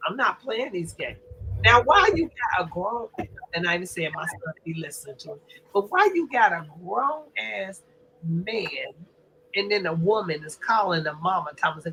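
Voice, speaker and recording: An older woman hosting a casual live stream, loud and profane, often laughing as she trash-talks. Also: mid-range voice, sing-song, moderate pace, slight background noise, poor audio. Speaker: livestream host.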